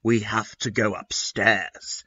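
A man voicing a brooding young goth dark lord, speaking in a low secretive murmur. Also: little pitch movement, slow, husky, dull audio, exaggerated voice.

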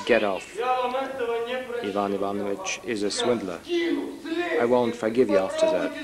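A man reading a translated voice-over of a live stage play, switching quickly between the characters' lines. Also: fairly low pitch, steady tone, a loud crowd. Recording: voice-over on a live theatre recording with a loud audience.

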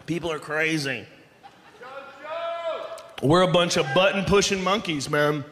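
Man, stand-up comic, high voice, loud animated profane rants, big echoey theater. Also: a little slow, pauses often. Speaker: stand-up comedian. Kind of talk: live stand-up comedy. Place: large theater stage. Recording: echoey hall with audience noise.

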